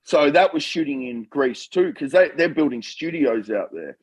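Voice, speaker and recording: Animated man telling stories. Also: a little high, moderate pace, slightly rough, low-quality recording. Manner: animated storyteller, laughing and calling people mate. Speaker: film director guest. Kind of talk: casual interview chat.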